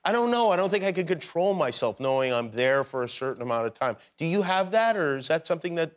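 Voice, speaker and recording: A man's voice: fairly high pitch, sing-song, quick pace. A middle-aged man hosting a talk show, joking easily with his guest. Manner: joking, easygoing. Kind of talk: casual interview chat.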